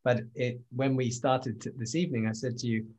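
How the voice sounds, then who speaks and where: A man's voice: medium pitch, fairly even intonation, brisk, darkish tone. Hesitant man recalling in conversation. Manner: hesitant, stammering restarts. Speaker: host and bodywork practitioner. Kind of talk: conversational interview. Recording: dull lo-fi audio.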